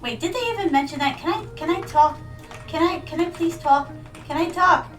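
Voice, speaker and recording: A woman's voice: very high voice, normal speed, far from the mic, low-quality recording. An American woman streaming a game, chatting playfully and rambling to her viewers. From United States. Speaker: VTuber streamer. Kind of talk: casual game stream chat. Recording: mic set back, music behind.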